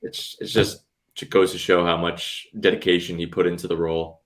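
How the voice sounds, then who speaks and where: A man's voice: deep voice, level tone, a little fast, slight background noise. A man co-hosting a podcast in casual chat, agreeable and chiming in with short remarks. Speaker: podcast co-host.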